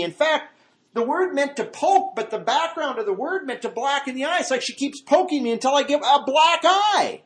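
A man's voice: extremely high pitch, moderate pace. A man preaching a verse-by-verse Bible study, talking conversationally and jumping his voice up to act out quotes. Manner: animated, acts out quotes in a raised voice; conversational asides and restarts. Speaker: pastor.

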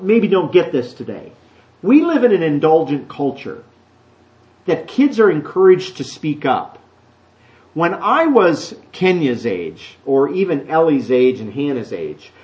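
Chatty pastor, lo-fi recording. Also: male voice, high voice. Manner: conversational, animated, acts out children's voices. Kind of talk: sermon. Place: church. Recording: dull lo-fi church recording.

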